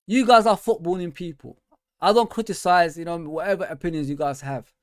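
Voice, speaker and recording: Hosting a fan show, this man talks fairly quickly and vents in frustrated, exasperated bursts, his pitch climbing sharply as he gets worked up. His speech is casual and slangy, with plenty of "bro" and "man," and he often reads viewer comments aloud. The recording is dry and close, with no room echo.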